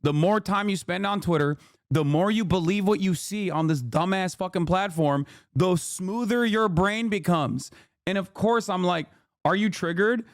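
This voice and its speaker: A man's voice: high voice, normal speed, no room sound, studio quality. A male streamer in a profane, exasperated livestream reaction rant.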